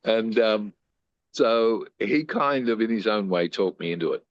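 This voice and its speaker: An older man from Australia, a guest in an interview, telling animated anecdotes and acting out the lines of the people in them. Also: on the low side, measured pace, no room sound, dull audio. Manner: animated storyteller who acts out quoted lines.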